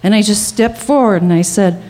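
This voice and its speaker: At a live storytelling event, a woman tells a personal story at a moderate pace, acting out the people in it and getting higher and louder in tense moments.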